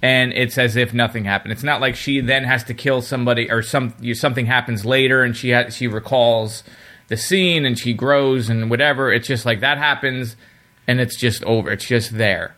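Bright-voiced man talking fast on a podcast. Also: medium pitch, fairly even intonation. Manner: talkative, quick, quotes characters in a mocking voice. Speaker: podcast co-host. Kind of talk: casual podcast discussion.

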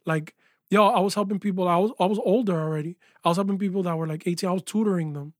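A music producer and engineer chats as a guest in a laid-back interview, telling his story with animated energy and frequent "yo" and "like." His voice is high-pitched and his delivery rapid-fire. The recording is dry and close, like a small studio.

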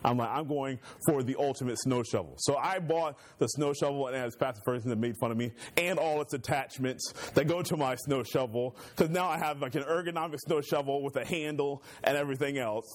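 A man's voice: mid-range voice, brisk, few pauses. A male pastor teaching a church Bible class in a conversational, joking way, using homey stories to make his points.

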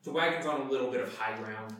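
A man's voice: medium pitch, fast talker, a bit bright. A man running a tabletop game as game master, narrating in a loose, rambling way. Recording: echoey room, mic far off.

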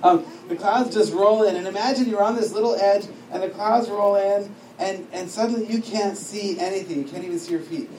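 A man with a high but mellow voice gives a casual teaching talk to a class. He wanders into side stories and laughs easily. He is picked up from a distance in a roomy, echoey space with a faint hiss behind him. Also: brisk, few pauses. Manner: chatty, digressive, laughs often. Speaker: teacher at a discipleship school. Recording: echoey room, distant mic, faint noise.

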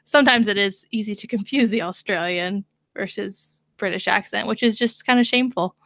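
A woman's voice: mid-range voice, a little fast, gravelly, fairly bright tone, no room sound. A woman co-hosting a casual chat, enthusiastic and full of "like". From United States. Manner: enthusiastic, lots of "like". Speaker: podcast co-host.

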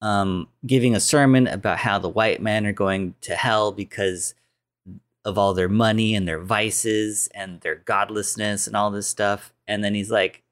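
This man's voice is on the low side, steady and unhurried as he casually recounts a movie's plot. He rambles, fills his talk with "like" and restarts, and performs the characters' lines.

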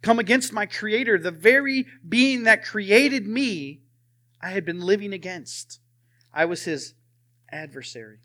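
A young man preaching a sermon and telling his own testimony, swinging from loud emphasis to hushed, near-whispered lines. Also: high voice, expressive, measured pace.

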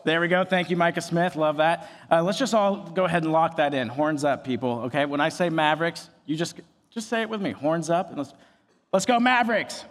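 A man preaching a sermon as a pastor, energetic and joking as he tells stories. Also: fairly high pitch, fairly quick, big-room sound. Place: church.

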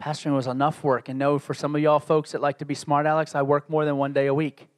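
A man's voice: on the high side, level tone, fast talker. A man preaching a sermon as pastor, conversational and joking, building to emphatic peaks.

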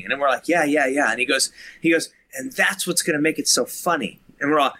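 A man's voice: fairly high pitch, quick pace, few pauses, bright, forceful tone. A man who is a filmmaker, a guest on a podcast, eagerly telling behind-the-scenes stories and acting out the quotes. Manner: eager storyteller who acts out quoted talk. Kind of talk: casual interview chat.

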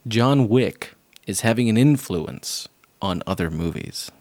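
Low-voiced male podcast host, dry. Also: lively intonation, a little mellow, no echo. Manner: joking, drawn-out hype with swearing. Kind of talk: casual podcast banter.

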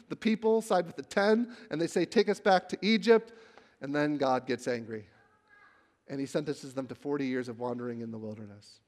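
A male pastor preaching a sermon, telling the story with animation and acting out the quotes, then growing hushed when he reads scripture. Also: sits high. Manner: drops to a hushed, reverent tone when reading scripture.

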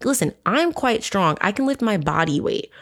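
A woman's voice: medium pitch, big pitch swings, normal speed. A woman hosting a true crime podcast, reading accounts and adding sarcastic, profane asides. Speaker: podcast host.

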